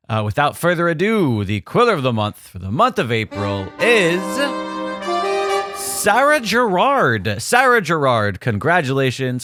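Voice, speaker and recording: A man's voice: medium pitch, a bit bright, clear, resonant tone, dry recording. A man who produces a podcast, reading closing announcements with dry humor. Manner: dry, teasing, then scripted announcer read.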